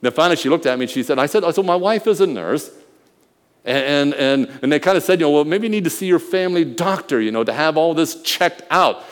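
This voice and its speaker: A man's voice: fairly high pitch, lively intonation, fast talker. Man preaching a story in an echoing hall. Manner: storytelling, swings from quiet murmurs to loud emphatic bursts. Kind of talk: sermon with personal story. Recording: long hall reverb.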